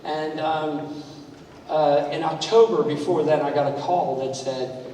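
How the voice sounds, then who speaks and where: A man's voice: fairly high pitch, measured pace, dark tone. A man giving a conversational, anecdotal speech to an audience in a large room, telling stories and quizzing the crowd. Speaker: speaker at a club training event. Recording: echoey hall, mic far off, faint noise.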